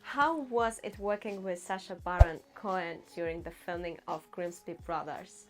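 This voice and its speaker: A woman's voice: fairly low pitch, normal speed. A woman hosting an interview, giving short friendly questions and prompts. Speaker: interview host.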